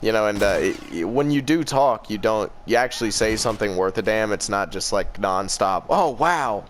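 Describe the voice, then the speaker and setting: A podcast co-host who talks in a loose, rambling way and swears freely. His voice is somewhat low. The talk is casual and unscripted. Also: fairly quick, a little hiss or hum.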